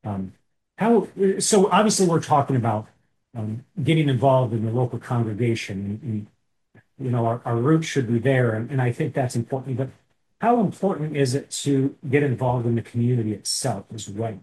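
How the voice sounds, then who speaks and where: A man hosting a discussion panel, putting questions to his guests in a relaxed, conversational way. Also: mid-range voice, moderate pace, poor audio. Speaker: host and moderator. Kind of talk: casual discussion.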